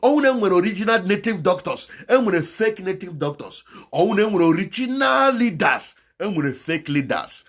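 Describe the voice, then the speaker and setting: A man's voice: sing-song, fairly quick, hardly any pauses. Impassioned man with an Igbo accent. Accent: Nigerian Igbo. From Nigeria. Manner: impassioned and moralizing, swinging between loud exhortation and low pleading. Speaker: channel host. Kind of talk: preachy monologue, Igbo mixed with English.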